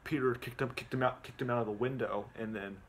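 A man of ordinary pitch talks through a movie plot in a loose, rambling way. He keeps restarting his sentences and fills the gaps with ums and repeated words. He is speaking at home, and a faint hiss sits under his voice. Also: steady tone, fast talker. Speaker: movie recap vlogger. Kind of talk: casual rambling movie recap.

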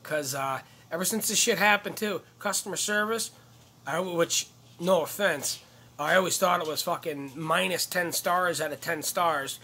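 A man's voice: high-pitched, normal speed, sharp tone, husky. A man comedian ranting casually to camera, profane and rambling, jumping from one gripe to the next. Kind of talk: casual vlog rant to camera.

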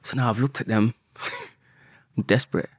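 A husky-voiced man tells a story on a podcast, lively and full of swearing. The sound is dry and close, with no room around it. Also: mid-range voice, a little slow, dry recording. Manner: animated, swears often, acts out quotes. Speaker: podcast guest.

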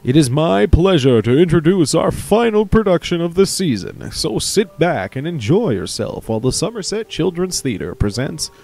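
A man's voice: a little high, sing-song, normal speed, creaky, hardly any pauses, a little mellow, voice pushed up, exaggerated voice. A man voicing a showy theater announcer with a grand, announcing delivery. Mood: welcoming.

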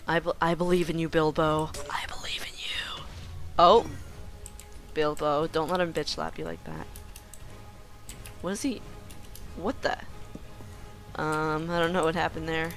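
A woman giving casual gameplay commentary in a playful way, joking with the game creatures and bursting into excited yells. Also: low-pitched, normal speed, pauses often, soft background music.

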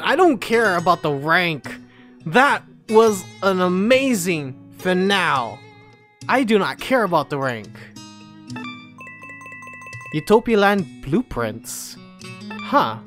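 A woman reacting emotionally to a video game ending, excitable and swearing freely. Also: lowish voice, slow, long pauses, soft background music. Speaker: let's play streamer. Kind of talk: gameplay reaction commentary.

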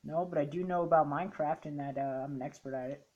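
Low-voiced woman rambling through a let's-play. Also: fast, darkish tone, dull audio. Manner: chatty, rambling, with playful boasting. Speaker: co-host and player of a gaming channel. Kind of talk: casual let's-play commentary.

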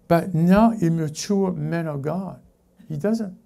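Male pastor preaching in church, deep mellow timbre, stop-start delivery that corrects itself as it goes. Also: vocal fry. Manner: halting, self-correcting preaching with many restarts. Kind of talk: sermon. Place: church service before a congregation.

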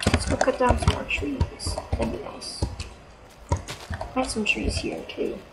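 A woman giving casual, chatty gameplay commentary as a let's player, quick to exclaim and mock herself. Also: high-pitched, wildly swooping pitch. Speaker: let's play gamer. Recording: noisy homemade mic recording.

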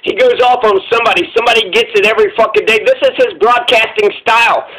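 High, bright-voiced man ranting angrily. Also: quick pace, rough recording. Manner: profane, repetitive, heated. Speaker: commentary channel host. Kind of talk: angry political rant.

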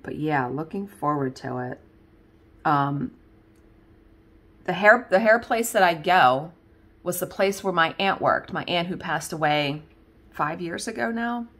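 A woman's voice: fairly low pitch, lively intonation, unhurried, long pauses, fairly bright tone. A woman chatting casually to viewers as she works on a craft, rambling with lots of fillers and laughs. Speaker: craft video host. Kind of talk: casual chat while crafting.

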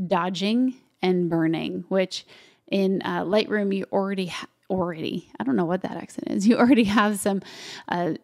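Woman, tutorial host, gravelly fry, casual step-by-step talk with asides to viewers. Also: mid-range voice. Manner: chatty, talks while working, with asides to viewers. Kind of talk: casual screen-share editing tutorial.

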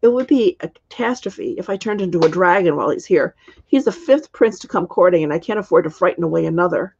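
A woman's voice: lowish voice, lively intonation, fast, gravelly, darkish tone, lo-fi sound, a little hiss or hum. A woman reading the lines of an anxious young princess who is part dragon, pleading and worried.

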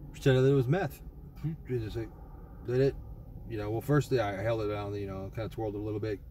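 A man's voice: fairly low pitch, darkish tone, slight background noise. A young man casually rambling through a trip report, swearing often and full of fillers and restarts. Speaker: vlogger.

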